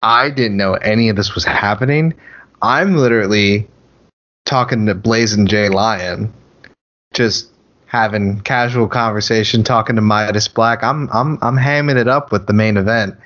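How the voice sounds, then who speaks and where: A man's voice: lowish voice, moderate pace, fairly bright tone, dull audio. A man co-hosting a podcast, chatting casually in a joking and profane way. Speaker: podcast co-host. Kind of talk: casual chat.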